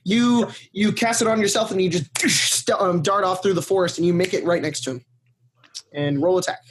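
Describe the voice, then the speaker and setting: A man's voice: sits high, moderate pace, noisy background. A man narrating as game master of a tabletop game, loose and laughing, swearing freely.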